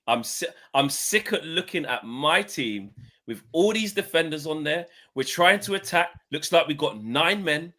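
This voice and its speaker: Man, football pundit, fed-up, emphatic, bright, slightly high. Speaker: football pundit on a fan panel. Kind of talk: casual debate.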